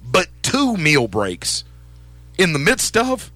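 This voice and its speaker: Man, sports radio co-host, casual banter, very lively pitch, dry close sound. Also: slow, dry recording, faint music behind. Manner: animated, self-deprecating, chatty.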